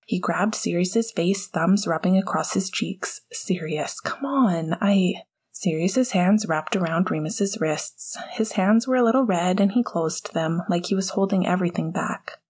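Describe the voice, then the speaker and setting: A woman narrating fan fiction aloud in a soft, measured manner. Her voice is breathy and sits low. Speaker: audiobook narrator.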